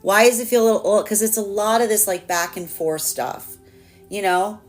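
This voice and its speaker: A woman giving a live tarot reading in a chatty, animated way, with lots of fillers and laughter. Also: mid-range voice, moderate pace, soft background music. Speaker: tarot reader.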